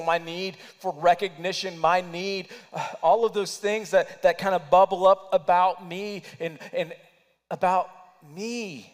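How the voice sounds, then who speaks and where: A man preaching a sermon, swinging between loud urging and hushed, near-whispered passages. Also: high voice, fairly even intonation, a little slow, long reverb tail. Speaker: pastor.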